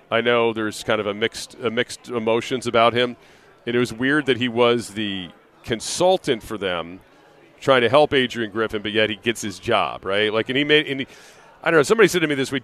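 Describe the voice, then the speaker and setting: A man hosting live sports talk radio, broadcasting from an arena. His pitch sits in the ordinary middle range for a man. He chats loosely, circling back on himself with "uh" and "you know.". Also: fairly bright tone. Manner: conversational, rambling with fillers and restarts.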